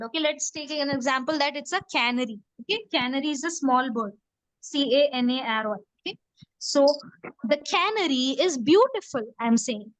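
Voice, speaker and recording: A woman's voice: high voice, a bit bright, no room sound, low-quality recording. A woman teaching a grammar class, repeating words patiently and asking students to repeat after her. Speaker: English teacher.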